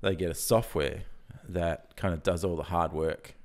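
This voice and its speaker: Aussie guy with a deep croaky early-morning voice, lots of restarts, easy laughs. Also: moderate pace. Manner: energetic, restarts often, laughs easily. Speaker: guest, software founder. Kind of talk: casual podcast interview.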